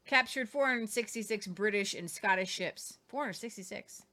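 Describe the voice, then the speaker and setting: A woman's voice: medium pitch, moderate pace, bright, forceful tone. A woman hosting a casual history talk, reading quotes aloud with jokey asides and stumbles over names. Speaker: host.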